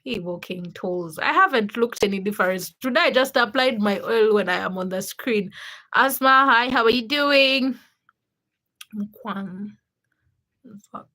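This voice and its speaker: Young woman chatting on a livestream, bright tone, kinda high voice, acts out the stories. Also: a little slow. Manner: animated storytelling, acts out quotes with laughter. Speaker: livestream host. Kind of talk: casual livestream chat.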